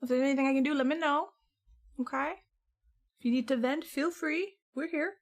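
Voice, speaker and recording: A young woman chats casually on a home stream, answering viewers' messages as they come in. Her voice sits a little high, and she rambles loosely from one thought to the next. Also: a little fast. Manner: chatty, reads and answers chat messages, rambling. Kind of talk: casual chat with live chat.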